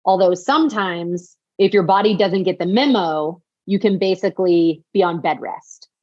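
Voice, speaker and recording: A woman's voice: lowish voice, moderate pace, no echo, muffled recording. A woman guest on a podcast telling a personal story, acting out her own quoted lines and saying "like" often. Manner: animated, acts out quoted dialogue, frequent "like". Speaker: podcast guest, author and speaker.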